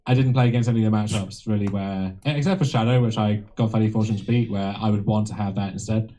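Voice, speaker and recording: A man's voice: fairly low pitch, steady tone, fast talker, dark tone, slight background noise. A man with a British accent, a guest player in casual gaming commentary, talking in a wry, playfully teasing way. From United Kingdom.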